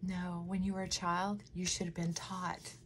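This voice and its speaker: A woman's voice: on the low side, little pitch movement, moderate pace, slight background noise. A middle-aged woman chatting emotionally and candidly while doing her makeup at home, close to tears at times. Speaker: vlogger.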